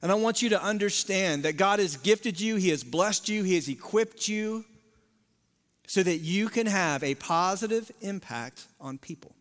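A lead pastor, a man with a notably high voice, delivers a sermon to his congregation. He swings from loud, emphatic declarations to quiet, near-whispered moments and chats in asides. His voice rings through the long reverb of a large church sanctuary. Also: expressive, normal speed.

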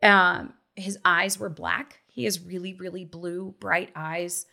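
A woman in her thirties telling a personal story in casual chat, acting out quotes with lively shifts. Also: on the low side, takes it slowly, creaky. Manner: animated storyteller who acts out quotes. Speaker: guest, mother.

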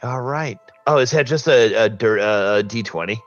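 A man's voice: fairly low pitch, moderate pace, dull audio, soft background music. A man playing a tabletop game, talking casually and rambling. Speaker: player.

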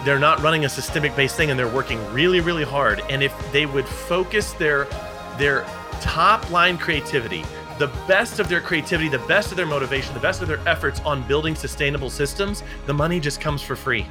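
A man's voice: fairly high pitch, brisk, over music. A man co-hosting a podcast, talking in an emphatic, motivational way and repeating his key points, with a slightly sarcastic edge. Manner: a little sarcastic. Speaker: podcast co-host. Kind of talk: casual podcast chat.

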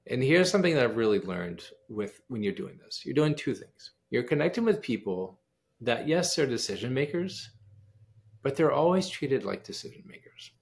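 An American pianist and composer, appearing as a guest in a casual interview, tells a lively story in a gravelly, mid-range voice at a moderate pace. He's an animated storyteller who acts out the quoted dialogue.

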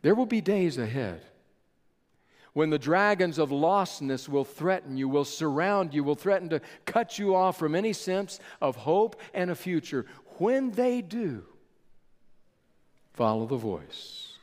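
Male preacher, slow measured sermon, dramatic pauses, fairly high voice, long hall reverb. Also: expressive, a little mellow.

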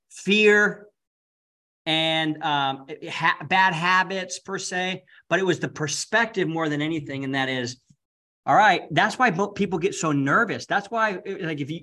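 A man who coaches public speaking, a podcast guest in casual chat, excited, ramped up and profane. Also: fairly high pitch.

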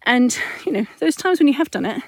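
A woman with a high, light voice talks through a parenting story in a candid, chatty way, correcting herself as she goes. She is walking uphill outdoors. The sound is close and dry. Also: lively intonation, brisk, dry recording. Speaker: parenting podcast host and mother. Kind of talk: casual reflective monologue. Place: outdoors, walking up a hill at dusk.

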